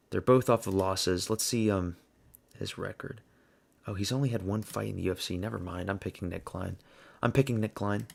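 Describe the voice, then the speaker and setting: Casual fight predictions come from this host of his own channel, a man from the United States. His voice is lowish with vocal fry, and his delivery is blunt and rambling as he works things out aloud.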